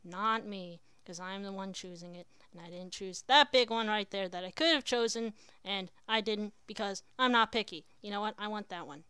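Bright, chatty woman gaming. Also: medium pitch, a little fast, hardly any pauses, clear, resonant tone. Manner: chatty, talks to herself, with sudden exclamations. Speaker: let's player. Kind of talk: casual gameplay commentary.

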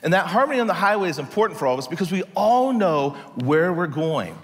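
Animated man preaching in a reverberant hall. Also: high-pitched, fast. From United States. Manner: animated storyteller acting out dialogue. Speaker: pastor. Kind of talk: storytelling sermon. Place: church hall.

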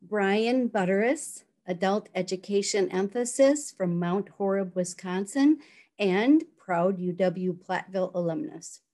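A woman giving a formal, measured commencement address and reading out the names of graduates. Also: medium pitch, warm tone. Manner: measured, congratulatory. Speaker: education program speaker.

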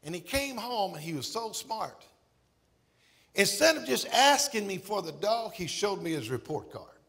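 Male pastor, high voice, emphatic sermon, bursts of shouting. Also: sing-song, a little slow, gravelly. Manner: emphatic preaching, shouts and exclamations. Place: church sanctuary.

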